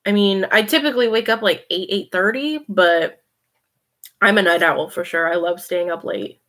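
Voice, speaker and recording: A woman's voice: medium pitch, normal speed, a bit bright. A woman hosting a casual late-night livestream, chatting, reading comments and laughing often. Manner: chatty, laughs often, talks to her cat. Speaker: livestream host.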